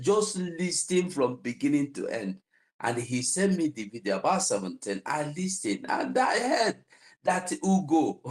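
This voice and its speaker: A man on a talk show, telling a story with frequent laughter. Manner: animated storytelling, laughs often, lively pitch. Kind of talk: casual chat.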